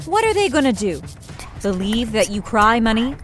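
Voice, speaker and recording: A woman's voice: a little high, sing-song, moderate pace, soft background music. A woman voicing a cruel, greedy mother who speaks bluntly and cuttingly. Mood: cold.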